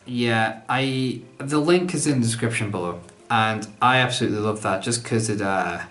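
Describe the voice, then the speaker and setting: A man's voice: mid-range voice, moderate pace, a bit bright, roomy sound. A man, answering viewer questions in a casual vlog, chatty and rambling, poking fun at himself. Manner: chatty, rambling, self-deprecating.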